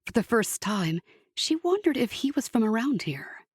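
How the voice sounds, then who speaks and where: A woman reading an audiobook as narrator, measured storytelling. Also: medium pitch, big pitch swings, breathy edge, no room sound, clean studio sound. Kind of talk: scripted narration.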